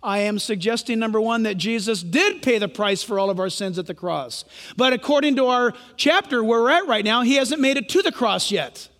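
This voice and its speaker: High-voiced man preaching in a reverberant hall. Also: animated, brisk, fairly bright tone. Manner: emphatic, asks the congregation questions. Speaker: pastor. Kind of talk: sermon. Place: church sanctuary.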